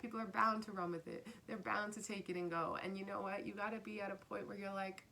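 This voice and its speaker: Speaking fast in a flat, creaky, sharp-toned voice of medium pitch, a woman delivers a casual spiritual tarot reading with slight noise behind her. She is earnest, says phrases more than once, and now and then whispers.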